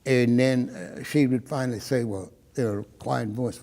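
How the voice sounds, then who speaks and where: A man's voice: mid-range voice, normal speed, creaky, hardly any pauses, dark tone, big-room sound. An older man from Maryland, an interviewee recounting his personal history, who tells his story and often acts out the dialogue he remembers.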